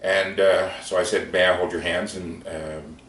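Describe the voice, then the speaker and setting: A man telling a heartfelt story in a gentle, conversational way with many fillers. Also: low-pitched, level tone, a little slow. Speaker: speaker recounting prayer sessions. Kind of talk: storytelling talk. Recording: echoey room, distant mic, faint noise.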